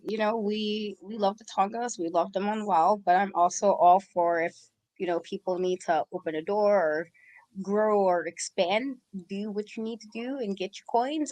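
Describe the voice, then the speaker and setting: A woman at mid pitch chats on a wrestling podcast. She talks in an enthusiastic way, with casual slang. Her voice is recorded dry on a close mic. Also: no echo. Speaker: podcast co-host.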